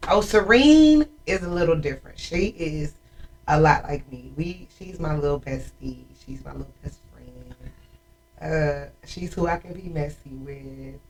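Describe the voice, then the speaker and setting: A woman in her forties hosting a casual chat, telling animated, emotional stories about her family. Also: low-pitched, unhurried, far from the mic, slight background noise, poor audio. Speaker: host.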